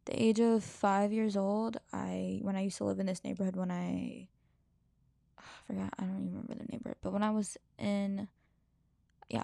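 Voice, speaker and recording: A woman's voice: medium pitch, gravelly, mellow, no echo, studio quality. A woman hosting her own podcast, telling a personal life story in a candid, rambling way with frequent swearing and restarts. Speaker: podcast host.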